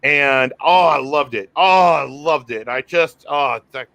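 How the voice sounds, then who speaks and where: A man talking through a wrestling show in casual podcast chat, eager and rambling, often tripping over his sentences as he gushes. His voice sits a little high and sounds bright and sharp. The sound is dry and close, with no room around it. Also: a little slow, no echo. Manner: excitable, rambling, restarts often.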